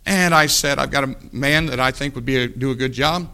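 A man preaching a sermon, telling a folksy story in a hushed voice and then rising into loud exhortation. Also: mid-range voice, a little fast, creaky, smooth.

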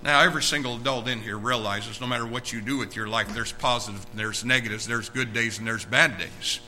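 A middle-aged male pastor preaching a sermon in his church, urging the congregation on, dropping low and quiet, then rising loud and excited. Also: a little fast, faint music behind, rough recording. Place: church sanctuary.

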